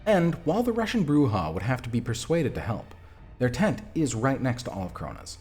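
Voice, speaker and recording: A man reads a text-based vampire adventure aloud on stream, breaking off for chatty, self-mocking asides. His voice sits at a middle pitch but swings animatedly, with faint music playing underneath. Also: sing-song, fairly quick, darkish tone. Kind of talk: reading a game aloud with casual asides.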